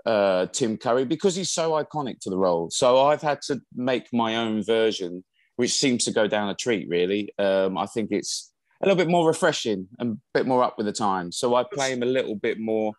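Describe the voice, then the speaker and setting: A man's voice: fairly low pitch, expressive, brisk, no room sound. A man, a musical theatre actor, chatting casually as an interview guest, rambling with lots of fillers and restarts.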